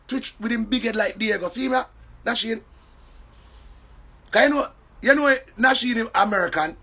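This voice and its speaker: A man from Jamaica with a Jamaican accent, telling an animated story in casual patois. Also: very high voice, moderate pace, pauses often, breathy edge. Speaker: entertainer.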